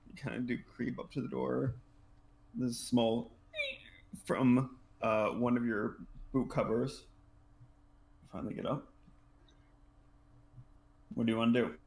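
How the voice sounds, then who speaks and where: A man's voice: medium pitch, steady tone, takes it slowly, gravelly, long pauses, a little mellow, slight background noise. A man running a tabletop game as game master, describing scenes in a loose, rambling way full of fillers.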